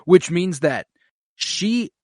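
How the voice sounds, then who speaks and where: A man's voice: high voice, lively intonation, very slow, a little mellow, no echo, clean studio sound. A man co-hosting a podcast, chatting casually and gushing with enthusiasm. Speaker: podcast co-host. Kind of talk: casual fan chat.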